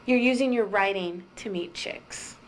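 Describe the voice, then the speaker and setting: A woman playing a sharp-tongued, sarcastic ex-girlfriend with biting comebacks. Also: medium pitch, measured pace, a little hiss or hum, natural voice. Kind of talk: indie comedy drama acting.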